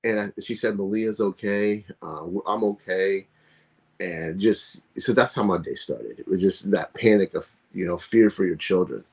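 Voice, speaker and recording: Husky, low-voiced middle-aged male co-host. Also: moderate pace, few pauses. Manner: animated storyteller, casual and profane. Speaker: podcast co-host. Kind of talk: casual podcast chat.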